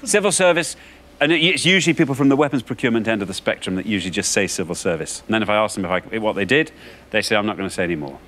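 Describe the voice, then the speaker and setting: A man's voice: on the low side, animated, racing, a bit bright, slight background noise. A man hosting a TV quiz show in a studio, genial and jokey as he talks to the contestants.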